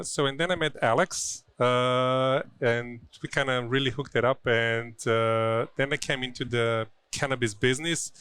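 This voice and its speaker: A man from Slovenia, an attorney speaking as a guest in an interview, earnest and halting, with many restarts. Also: medium pitch, a bit bright, clean tone, no echo. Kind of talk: conversational interview. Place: busy conference venue.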